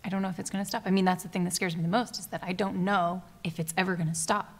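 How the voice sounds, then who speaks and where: An actress playing an anxious young woman who pours out her worries to her partner in a soft, halting voice, in a comedy short film. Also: on the low side, fairly even intonation. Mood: worried.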